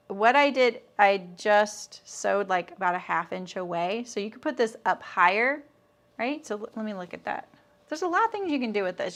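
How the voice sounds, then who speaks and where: A woman's voice: medium pitch, fairly bright tone. Chatty woman teaching sewing live. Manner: chatty, answers viewer comments while sewing. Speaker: sewing instructor.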